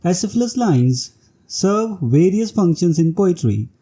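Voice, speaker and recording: A man's voice: sits high, big pitch swings, measured pace, dark tone, husky. A man reading a scripted English literature lecture in a formal manner, announcing each section heading.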